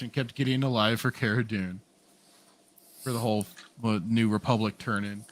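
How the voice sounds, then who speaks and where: A man's voice: medium pitch, unhurried, long pauses, slight background noise. A man co-hosting a podcast, rambling through a casual review chat with lots of fillers, restarts and laughs. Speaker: podcast co-host.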